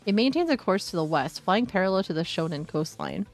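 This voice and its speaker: A woman streamer reading a visual novel aloud in a steady voice, with occasional candid asides, on a desk microphone with faint music behind. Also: fairly low pitch, a little fast.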